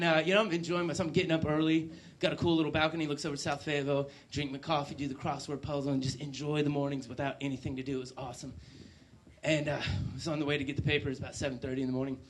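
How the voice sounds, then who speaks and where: A man doing a stand-up comedy set on stage, animated, with loud bursts and low asides. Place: stage before a live audience.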